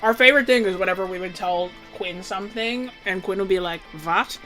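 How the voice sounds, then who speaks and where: A woman's voice: mid-range voice, fast, pushed and bright, soft background music. A woman art streamer chatting casually on a drawing lesson stream, laughing often and filling her talk with "like" and "um". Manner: giggly, filler-heavy talk. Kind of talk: casual live-stream chat.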